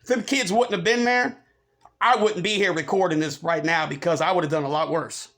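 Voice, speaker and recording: A man's voice: fairly high pitch, fairly even intonation, brisk, fairly bright tone. A man vlogging an angry, heated rant to his viewers, profane and repeating himself.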